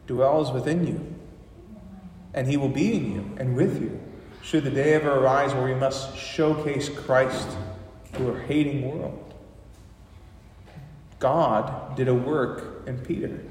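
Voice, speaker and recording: A man preaches a sermon in a church sanctuary, heard from a distance in a long, echoing hall. He is impassioned, slowing his words for emphasis and swelling in volume. Faint room ambience sits under his voice. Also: medium pitch, darkish tone, slight background noise. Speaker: pastor. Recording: echoey hall from far off.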